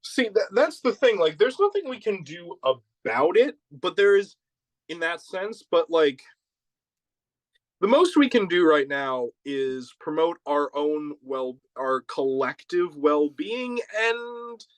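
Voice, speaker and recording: A man's voice: on the high side, very animated, slow, no room sound, poor audio. A man hosting a casual chat, rambling and laughing, often restarting his sentences. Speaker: host.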